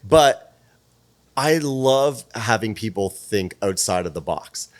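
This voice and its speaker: A man who is a guest on a podcast, telling stories in a casual, animated way, swearing freely and acting out the dialogue. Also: lowish voice, slow pace. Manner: animated, profane, plays out dialogue. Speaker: podcast guest, PR firm president. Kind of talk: casual storytelling.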